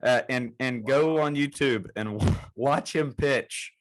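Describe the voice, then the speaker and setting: A man's voice: medium pitch, slow pace. A man co-hosting a casual podcast, enthusiastic and rambling. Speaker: podcast co-host.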